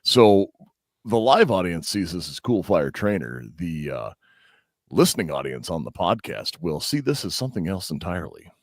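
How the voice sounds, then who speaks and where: A man's voice: low-pitched, big pitch swings, normal speed, no echo, clean studio sound. A man hosting a podcast in a loose, rambling way. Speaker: podcast host. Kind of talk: casual podcast chat.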